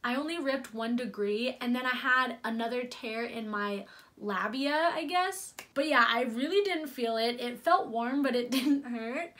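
A woman's voice: fairly high pitch, unhurried, a bit bright. A young woman telling her birth story to her viewers in a chatty, gushing way, full of fillers and talking straight to "you guys.". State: near tears at moments. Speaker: vlogger. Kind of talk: casual birth story vlog.

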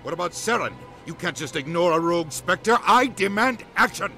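An actor playing a stern, indignant human ambassador in a game. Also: male voice, high-pitched, lively intonation, normal speed, heavily acted. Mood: outraged. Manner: sharp, demanding, stern. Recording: game audio over music.

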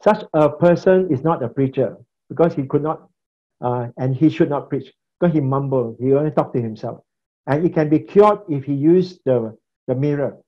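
Male pastor-teacher, animated lecturer with a fairly high voice, dull lo-fi recording. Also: moderate pace. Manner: animated, mimics preaching styles, chuckles. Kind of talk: lively classroom lecture.

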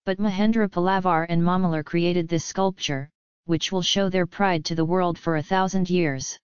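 A woman's voice: fairly low pitch, steady tone, moderate pace, smooth, dry recording, highs cut off, lightly acted. A woman reading the part of a brooding young male prince in an audiobook, in an impassioned, bitter manner.

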